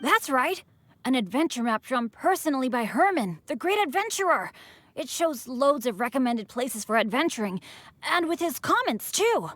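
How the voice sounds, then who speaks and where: A woman's voice: sits high, sing-song, moderate pace, no echo, heavily acted. A woman voicing a cheerful, self-deprecating teenage boy adventurer in a video game, eager and bouncy. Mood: friendly. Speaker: game character. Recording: game audio with loud background music.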